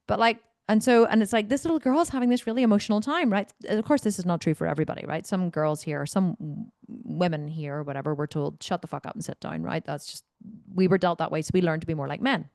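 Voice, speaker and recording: A woman's voice: fairly low pitch, fast, darkish tone, dry recording, studio quality. A woman coach, talking bluntly and animatedly to members, swearing now and then and wandering off on tangents. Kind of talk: Q&A talk to members.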